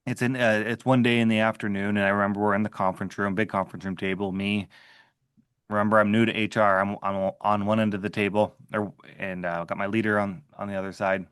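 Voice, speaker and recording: A man's voice: lowish voice, little pitch movement, fast talker, fairly bright tone, smooth, no echo, clean studio sound. A man in an interview telling a workplace story in a casual, conversational way, often saying "like" and restarting his sentences. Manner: conversational, filler-heavy with frequent "like". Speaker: interview guest, former HR manager.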